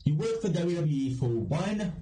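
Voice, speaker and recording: A man's voice: fairly high pitch, expressive, moderate pace, dark tone. A man hosting a podcast, ranting bluntly and swearing for emphasis as he gives his opinions on wrestling. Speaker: podcast host. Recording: echoey room with faint noise.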